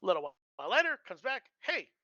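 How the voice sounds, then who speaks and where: A bright-toned storyteller on a live stream, trading in casual anecdotes with lots of halting restarts. The voice sits dry and close, but the audio is dull and lo-fi. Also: mid-range voice, animated, no room sound. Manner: halting, many fillers and restarts.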